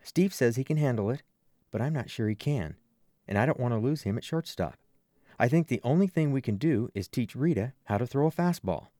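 A man narrating a first-person audiobook with expressive storytelling. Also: mid-range voice, brisk, no room sound, clean studio sound.

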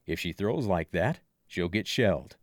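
A man voicing a pushy, stocky middle-aged former ballplayer in an audiobook, gruff and insistent. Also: low voice, animated, normal speed, dry recording, studio quality, voice pushed down. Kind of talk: audiobook character voice.

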